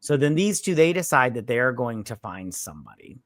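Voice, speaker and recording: A tipsy man recaps a film in a loose, rambling way and keeps drifting into quick asides. His voice sits at an ordinary pitch and sounds close and dry, with almost no room around it. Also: dry recording. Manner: rambling, animated retelling with many "he's all like" asides. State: tipsy from drinking. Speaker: movie review podcast co-host. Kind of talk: casual drunk movie recap.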